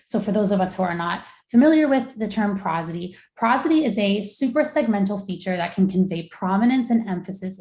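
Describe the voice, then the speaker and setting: A young adult woman giving a measured, explanatory academic lecture as a researcher. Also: medium pitch, a little mellow. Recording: echoey room.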